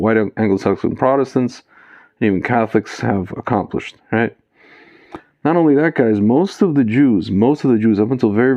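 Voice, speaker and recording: A man's voice: fairly low pitch, dark tone, no echo. A man giving casual commentary to his viewers, calling them "guys", with many fillers and a loose, digressive flow. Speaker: video commentator. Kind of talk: casual spoken commentary to camera.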